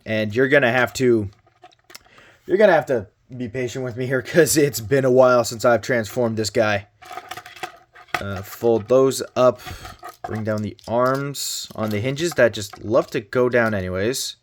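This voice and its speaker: Slow-talking man reviewing a toy. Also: mid-range voice, fairly bright tone. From Canada. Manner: chatty, joking, mild exasperated exclamations. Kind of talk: casual toy review while handling the figure.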